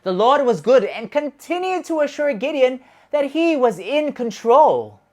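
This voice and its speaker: Lively woman telling a children's story. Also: sits high, unhurried. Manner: animated and expressive, with shouted sound effects. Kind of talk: children's Bible story narration.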